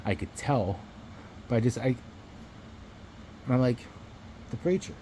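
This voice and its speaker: A man's voice: mid-range voice, slow, warm tone, slight background noise, low-quality recording. A man vlogging to his phone camera, telling a rambling story in a casual, profane way and chuckling between remarks.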